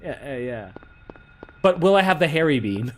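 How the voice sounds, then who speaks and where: A man's voice: a little high, animated, moderate pace. Chatty man playing a game. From US Northeast. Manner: chatty, laughing, mutters to himself while playing. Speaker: let's play host. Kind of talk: casual chat while playing a game.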